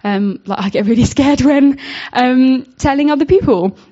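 Giving a Bible reflection as an informal devotional talk, a woman speaks at a normal speed in a high-pitched yet mellow voice. Her delivery is earnest and searching, full of fillers and false starts, and the lo-fi recording sounds dull.

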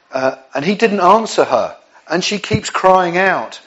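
A man's voice: high-pitched, lively intonation, unhurried, fairly bright tone, lo-fi sound. An English man preaching a sermon in a conversational way, with frequent restarts and asides. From England.

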